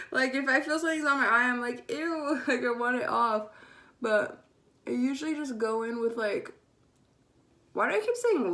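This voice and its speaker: A young beauty vlogger chats casually while doing her makeup in a get-ready-with-me video, sassy, sarcastic and swearing freely. Her voice is fairly high and creaky, with a fairly bright tone.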